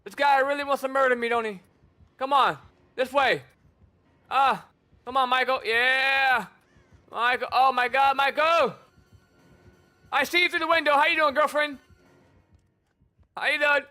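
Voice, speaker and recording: Male streamer, very high and piercing voice, chatty and teasing in casual gameplay commentary. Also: measured pace, pauses often, sharp tone, clear, resonant tone, faint music behind. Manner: chatty, teasing taunts at opponents. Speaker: gamer streamer.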